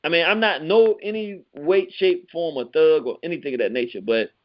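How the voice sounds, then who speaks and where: Excitable D.C. man hosting lo-fi radio. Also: normal speed. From Southeast Washington, D.C. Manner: excitable, pitch leaps up when telling the story; streetwise slang, repeats words while searching. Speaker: radio show host. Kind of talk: animated storytelling monologue.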